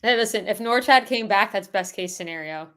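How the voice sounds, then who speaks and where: A woman's voice: medium pitch, brisk, fairly bright tone. A woman co-hosting a casual sports chat, matter-of-fact and teasing. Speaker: sports podcast co-host.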